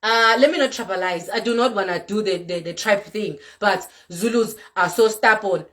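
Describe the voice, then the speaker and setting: A woman's voice: mid-range voice, moderate pace, fairly bright tone. A South African woman with a Zulu accent, a vlogger giving a fiery, scolding rant to camera, repeating herself for emphasis. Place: Europe.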